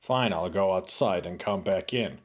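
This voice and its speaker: A man's voice: sits low, normal speed. A man streaming a retro adventure game, casually reading the game text aloud with playful, sing-song emphasis.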